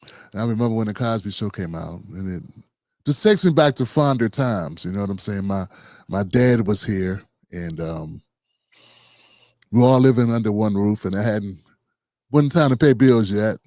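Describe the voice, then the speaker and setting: A man in his fifties, co-hosting a podcast panel, talking reflectively with frequent pauses and fillers. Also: lowish voice, expressive, darkish tone, no room sound, studio quality. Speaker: podcast co-host. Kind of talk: panel discussion.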